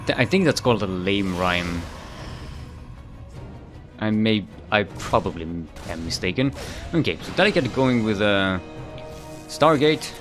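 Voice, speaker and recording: A man's voice: fairly low pitch, animated, a little slow, pauses often. A man casting a live video game match, rambling and correcting himself often with a light chuckle, while faint music plays behind. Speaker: esports caster.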